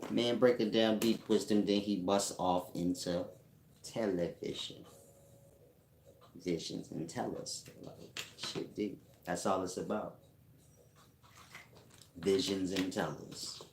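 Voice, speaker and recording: A deep-voiced man hosts a casual livestream as a self-styled spiritual teacher, reading viewer comments and teasing people with slangy jokes. He's rambling and laughs often, speaking slowly with frequent pauses, in a roomy space with a noisy background.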